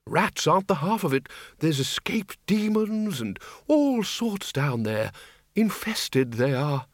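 A man voicing a very old dead wizard in a storybook reading, speaking quickly and slyly to persuade. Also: on the high side, very animated, dry recording, voice pushed up, exaggerated voice.

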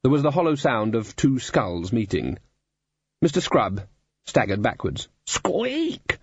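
A man reading a comic fantasy novel aloud in scripted narration, dry and even. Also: lowish voice, a little slow, husky, no room sound, highs cut off. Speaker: audiobook narrator.

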